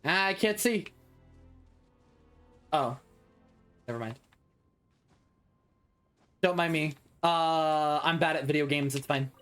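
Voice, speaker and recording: A man's voice: a little high, slow pace, pauses often, fairly bright tone, clean tone, faint music behind. A young man streaming a video game live, reacting with dramatic, whiny, self-mocking commentary.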